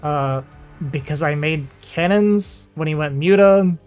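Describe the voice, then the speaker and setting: A man's voice: fairly high pitch, unhurried, darkish tone, smooth, faint music behind. A man who streams games, chatting casually, laughing often and trailing off with fillers. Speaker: streamer and game player. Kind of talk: casual chat.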